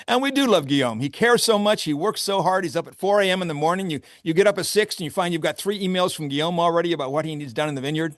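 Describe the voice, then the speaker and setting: A man's voice: a little high, fast talker, hardly any pauses, fairly bright tone, no echo, studio quality. A man who owns a vineyard, talking candidly and with wry humor in a casual interview, often laughing. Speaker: vineyard owner and grape grower.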